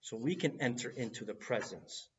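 A man preaching a sermon in an earnest way, building to loud cries at key moments. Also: medium pitch, animated, moderate pace, recorded from a distance, dull audio, slight background noise.

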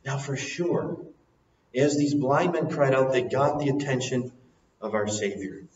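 A man preaching a sermon, dropping soft and low, then rising loud and emphatic. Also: measured pace, slight background noise. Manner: swings from soft and low to loud and soaring, sings a hymn line. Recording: echoey hall, recorded from a distance, muffled.

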